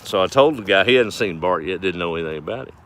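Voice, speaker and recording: A man's voice: low-pitched, animated, fast, a bit bright. A man telling folksy farm stories on a casual livestream, chuckling as he rambles. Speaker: farm vlogger.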